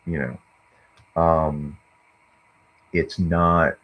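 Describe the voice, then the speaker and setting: Deep husky guy rambling to camera, lots of ums, muffled lo-fi sound. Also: level tone, very slow. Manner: meandering, hesitant, lots of fillers. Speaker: vlogger. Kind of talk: rambling monologue. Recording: dull lo-fi recording.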